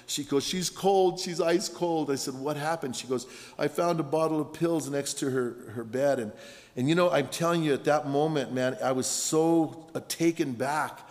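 A middle-aged man preaching a sermon as a pastor, telling stories in an animated way. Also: mid-range voice, normal speed. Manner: storytelling, animated with shouted punchlines. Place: large conference hall. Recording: long hall reverb.

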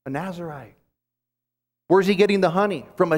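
A man's voice: sits high, a little fast. Man preaching in a reverberant hall. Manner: animated storytelling with frequent restarts. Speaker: conference speaker teaching scripture. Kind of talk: sermon. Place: conference hall.

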